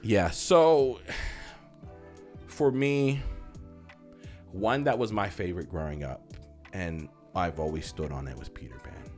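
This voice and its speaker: Easygoing male podcast host in his thirties, low voice, soft music underneath. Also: takes it slowly, long pauses. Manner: easygoing, rambling, nostalgic. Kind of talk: casual chat.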